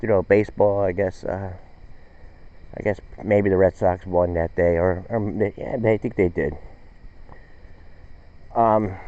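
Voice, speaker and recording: A man hosting a show in a casual, rambling monologue, correcting himself and losing the thread. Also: on the low side. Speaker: host. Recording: dull, dry recording.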